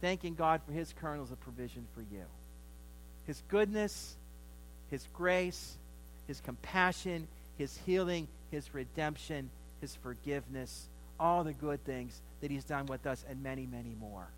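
A man's voice: a little high, unhurried, a little hiss or hum, poor audio. A middle-aged male pastor giving a Thanksgiving sermon in a folksy, storytelling way.

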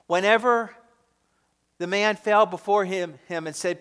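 This pastor is a man with a high, smooth voice, preaching a sermon at a moderate pace. He's emphatic, moving back and forth between loud stresses and quiet drops, and an echoey hall reverb colors the recording.

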